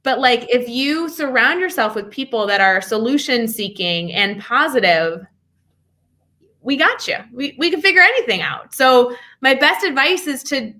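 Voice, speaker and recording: A young adult woman talking as a podcast guest, an educator telling stories in an energetic, upbeat way. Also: sits high. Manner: energetic, upbeat storyteller with quick asides. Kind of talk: casual interview chat.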